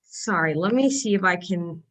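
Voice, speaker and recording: A woman's voice: fairly low pitch, animated, moderate pace. A woman hosting a video call, talking helpfully and a little hesitantly. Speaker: event host.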